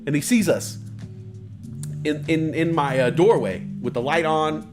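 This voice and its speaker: A man on a live stream telling a profane story in a loose, animated way, peppered with "like". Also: a little high, measured pace, music in the background. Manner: animated, profane, lots of "like" fillers.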